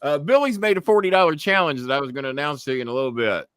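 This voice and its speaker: A man's voice: fairly high pitch, racing, a bit bright, clean tone, no room sound, studio quality. A man hosting a live podcast stream in casual chat, talking bluntly and swearing freely as he rambles. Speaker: podcast host.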